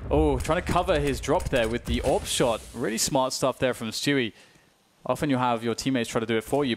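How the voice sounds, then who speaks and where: A man with a British accent giving live play-by-play commentary on an esports match, his voice jumping up on big plays. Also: a little hiss or hum. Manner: excitable, pitch jumps on big plays. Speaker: esports caster.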